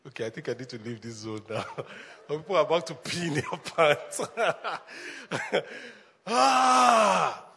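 A man preaching as a pastor, animated, laughing often and calling the congregation to answer back. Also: on the high side, moderate pace, hardly any pauses, breathy edge. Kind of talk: sermon. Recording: long hall reverb.

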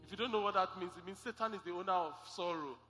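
A man's voice: high-pitched, racing, bright, forceful tone. A man preaching a sermon as pastor, emphatic and repeating his key lines. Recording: echoey hall with faint music.

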